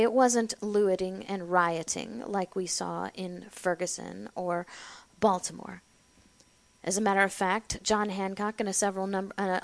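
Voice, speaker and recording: A woman giving an impassioned political speech, building to loud, emphatic declarations and then dropping low. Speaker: political speaker.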